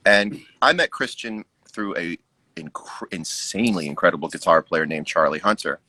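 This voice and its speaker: A man's voice: low voice, lively intonation, moderate pace, pushed and bright, dry recording. A man, a musician guest, chatting casually on a live stream and musing aloud, acting out his own inner remarks. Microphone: video call.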